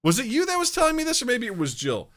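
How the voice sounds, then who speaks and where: Man, podcast co-host; bright and expressive, animated casual chat with playful mimicry. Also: extremely high pitch, fast talker. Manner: animated, laughs often, mimics quotes in exaggerated voices.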